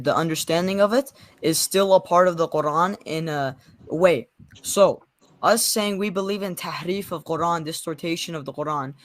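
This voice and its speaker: A young man taking part in a live online debate, talking fast and defensively, often cutting in. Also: a little high. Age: young adult. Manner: fast-talking, defensive, talks over the other. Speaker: debate guest.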